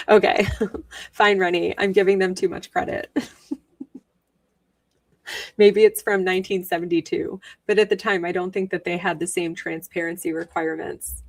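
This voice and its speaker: Sarcastic, chatty woman streamer, lower voice. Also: fairly even intonation, moderate pace, long pauses, no room sound, far from the mic. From New York. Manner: chatty, sarcastic, laughs often. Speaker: livestream host. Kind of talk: casual commentary while rewatching a trial. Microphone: wearing headphones.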